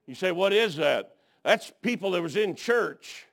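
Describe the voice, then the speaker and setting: A man preaching a folksy sermon, telling stories and dropping frequent amens, swinging from hushed to shouting. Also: sits high, lively intonation, unhurried, creaky.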